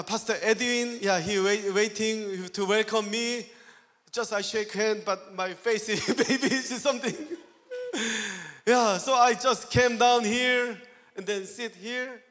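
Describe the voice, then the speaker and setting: A man's voice: sits high, fairly bright tone. A man with a Korean accent, speaking English as a second language, preaches as a guest pastor, telling a personal story, acting out his own quoted lines and laughing often. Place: church hall. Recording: long church hall reverb.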